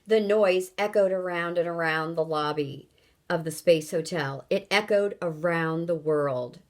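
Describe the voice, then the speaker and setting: Slow, careful woman teacher reading aloud. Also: lowish voice.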